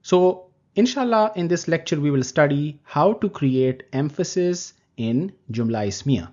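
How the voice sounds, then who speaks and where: A man teaching Arabic grammar in a recorded lecture, explaining terms slowly and deliberately. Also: on the high side, animated, darkish tone. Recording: dull lo-fi recording.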